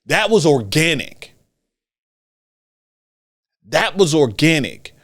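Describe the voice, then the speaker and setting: A man hosting a solo wrestling commentary podcast, talking in an animated way and repeating phrases for emphasis. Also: fairly high pitch, slow. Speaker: podcast host.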